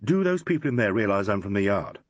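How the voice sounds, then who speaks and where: A man's voice: on the low side, big pitch swings, fast, no room sound, muffled recording. A man doing an urbane English inspector. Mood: teasing. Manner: urbane, teasing, polished. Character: suave, playful English chief inspector, male.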